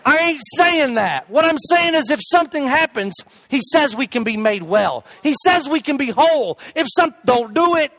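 A man preaching a humorous sermon, telling a story in an animated, jokey way with loud shouted asides. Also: very high voice, moderate pace, few pauses, dry recording.

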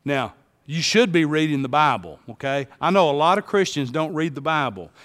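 A man preaching a sermon as a pastor, swinging from hushed tones to shouts. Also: fairly high pitch, animated, moderate pace, long reverb tail.

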